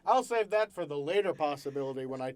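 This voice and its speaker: A woman's voice: deep voice, lively intonation, fast talker, a little mellow, no echo. A woman with a Southern US accent hosting a casual chat, joking around and stumbling over her words. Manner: stammering restarts, joking. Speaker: podcast host.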